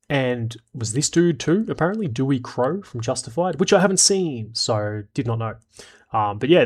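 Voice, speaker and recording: A man giving casual commentary on a TV show and reading viewer comments, rambling and frank, with plenty of swearing. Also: medium pitch.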